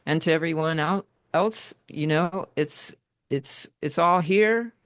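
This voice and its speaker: A woman's voice: deep voice, takes it slowly, dry recording, studio quality. A woman speaking as a guest on a video call, heartfelt and rambling with restarts. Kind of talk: casual conversation.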